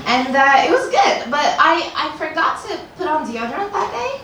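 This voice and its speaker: A young woman from Turkey works through her stand-up set, tossing off punchlines dryly and chuckling at her own jokes. Her voice sits high. The recording is very echoey and far from the mic, with a layer of noise. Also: big pitch swings, normal speed, sharp tone. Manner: dry, offhand delivery of punchlines with chuckles. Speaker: stand-up comedian. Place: comedy club stage. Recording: very echoey, distant room sound with noise.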